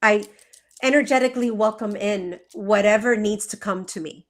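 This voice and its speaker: Speaking at a normal speed in a medium pitch, a woman explains feng shui earnestly during a conversational interview on a live video call. Her talk is full of fillers and rhetorical questions.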